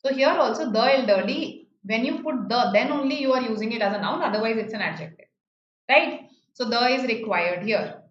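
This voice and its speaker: In an online grammar lesson, a woman with an Indian English accent speaks briskly in a voice on the high side. She explains patiently, repeats key phrases, and checks in with her students using "right?". The audio is slightly dull and roomy, with faint noise.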